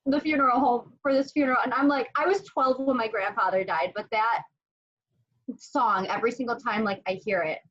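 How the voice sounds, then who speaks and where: Husky, higher-pitched woman, muffled audio. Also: brisk, fairly bright tone. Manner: candid, chatty, emotional storytelling. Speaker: licensed funeral professional, co-host. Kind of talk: casual chat over wine.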